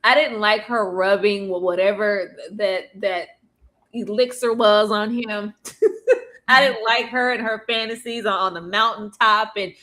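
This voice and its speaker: A woman co-hosting a casual episode recap, animated and laughing as she acts out characters' lines. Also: mid-range voice, unhurried. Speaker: podcast co-host.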